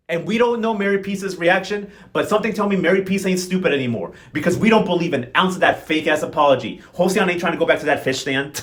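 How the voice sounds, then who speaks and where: A man's voice: sits high, a bit bright. A man recapping a soap opera in a casual, sassy, dramatic way, speaking with slang. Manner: sassy, dramatic, quick slangy gossip with playful cursing. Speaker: recap host. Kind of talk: casual comedic recap vlog.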